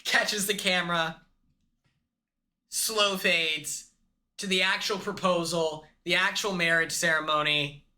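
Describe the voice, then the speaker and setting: A man's voice: high voice, steady tone, slow, pauses often, sharp tone. A man hosting a comedic movie recap, rambling and acting out the characters' lines himself. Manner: rambling, acts out characters in quotes. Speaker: host.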